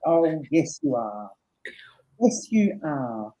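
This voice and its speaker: Husky woman chatting on a stream. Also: low voice, big pitch swings, drawn-out words, warm tone. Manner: chatty, laughs often, reads comments aloud. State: tired. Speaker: host. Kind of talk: casual live chat. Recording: dull lo-fi stream audio.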